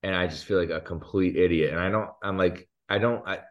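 A man's voice: low-pitched, fairly even intonation, a little fast, highs cut off. A man co-hosting a podcast, chatting casually and telling a rambling, self-deprecating story, laughing at himself. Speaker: podcast co-host. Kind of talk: casual chat.

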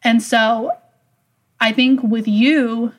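Young woman podcast co-host, slightly high voice, rambling casual chatter. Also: level tone, drawn-out words. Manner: rambling, fills speech with "like". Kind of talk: casual chat.

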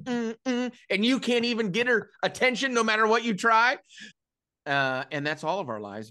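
A woman's voice: medium pitch, fairly bright tone. A woman doing stand-up comedy with wry observations.

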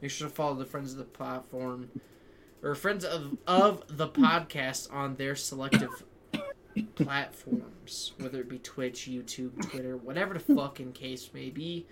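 A man's voice: medium pitch, measured pace, background noise. A young man hosting a podcast, chatting crudely and ranting with lots of swearing. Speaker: podcast host. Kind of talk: casual chat.

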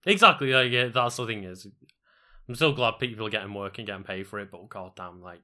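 Relaxed male co-host, crisp and very bright tone, lowish pitch. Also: fairly quick. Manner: relaxed, sweary, agreeable. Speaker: podcast co-host. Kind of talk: casual chat.

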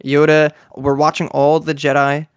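A man in his twenties in a casual chat, talking earnestly and excitedly as a fan. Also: on the high side, normal speed, clear, resonant tone, dry recording, clean studio sound. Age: 20s.

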